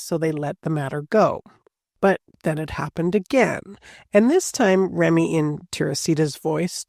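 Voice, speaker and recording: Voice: medium pitch, creaky, a little mellow, dry recording, studio quality. A podcast host telling a true-crime story casually, with chatty asides and a lot of "like".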